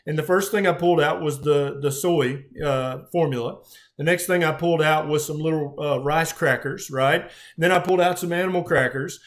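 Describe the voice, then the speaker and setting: A middle-aged physician with a fairly high voice speaks at normal speed as a guest in a conversation. He earnestly tells a story about a patient, full of feeling and frequently restarting his sentences.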